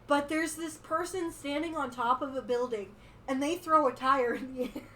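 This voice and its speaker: A woman's voice: sits high, sharp tone, slight background noise. A woman co-hosting a casual movie review podcast, chatty and amused. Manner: chatty, amused, quick to laugh. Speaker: podcast co-host.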